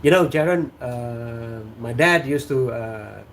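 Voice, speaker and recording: Man, Indonesian accent, native Sundanese, slow casual livestream host, chuckling, many fillers. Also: mid-range voice, a little hiss or hum. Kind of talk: casual livestream chat reading comments.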